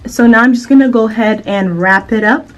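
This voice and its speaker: Chatty woman vlogger, higher voice. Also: fairly quick, soft background music. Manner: chatty, relaxed, with filler "um"s. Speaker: beauty vlogger. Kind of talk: casual tutorial narration.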